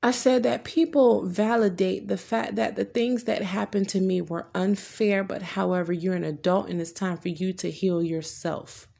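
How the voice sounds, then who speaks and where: A woman's voice: mid-range voice, steady tone, moderate pace, creaky, hardly any pauses, a little mellow. A woman earnestly telling a personal story, retelling conversations in her own words with frequent restarts.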